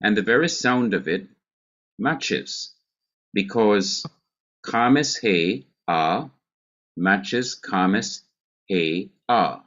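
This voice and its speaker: A man with a Jamaican accent teaching a Hebrew grammar class, speaking deliberately and repeating key words. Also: on the low side, lively intonation, fairly bright tone, muffled recording.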